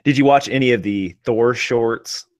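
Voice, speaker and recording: A man's voice: medium pitch, normal speed. A man co-hosting a podcast, chatting casually and eagerly about comic-book movies, laughing often. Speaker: podcast co-host. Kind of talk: casual chat.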